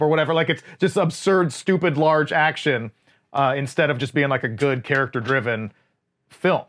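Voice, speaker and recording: A man's voice: medium pitch, normal speed, fairly bright tone. A man co-hosting a casual movie podcast, rambling and wry, with lots of fillers. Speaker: podcast co-host. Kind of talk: casual movie review chat.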